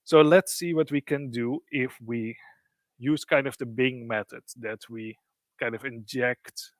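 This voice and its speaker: A man presenting a live software demo, explaining in loose, casual phrasing with frequent fillers. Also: mid-range voice, no room sound.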